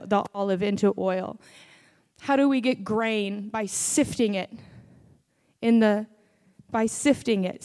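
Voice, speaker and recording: A woman's voice: medium pitch, a little mellow. A woman preaching a sermon and testifying about her own faith, earnest and building to fervent prayer.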